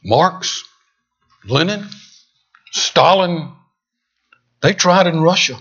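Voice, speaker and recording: A male preacher delivering a dramatic sermon, swinging from loud emphatic peaks down to hushed near-whispers. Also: sits high, expressive, drawn-out words, breathy edge. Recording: dull lo-fi sound.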